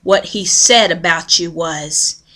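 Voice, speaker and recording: A woman's voice: on the low side, slow, sharp tone. A woman giving a devotional talk that mixes folksy storytelling with earnest preaching. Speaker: devotional speaker.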